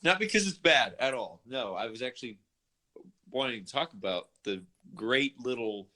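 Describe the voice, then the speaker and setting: A man co-hosting a casual music podcast, chatty and animated, often restarting and correcting himself. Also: medium pitch, normal speed. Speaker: podcast co-host.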